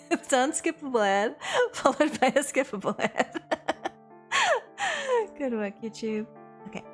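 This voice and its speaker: A woman streamer who chats casually, thinks aloud and muses in an unhurried way. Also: high-pitched, faint music behind. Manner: musing, relaxed and unhurried.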